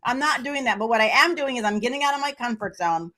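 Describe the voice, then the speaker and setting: A woman with a fairly high, bright voice talks in a relaxed conversation. She is animated and acts out the voices she quotes. Her tone has a crisp, forward edge. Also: quick pace. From Memphis, United States. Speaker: podcast guest. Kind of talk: casual conversation.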